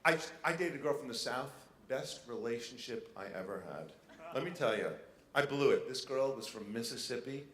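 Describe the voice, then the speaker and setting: Bright-voiced male stand-up comic. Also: mid-range voice, moderate pace. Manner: animated, swings into loud mock outrage. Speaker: stand-up comedian. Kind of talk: stand-up set. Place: live comedy venue. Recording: roomy live venue with faint noise.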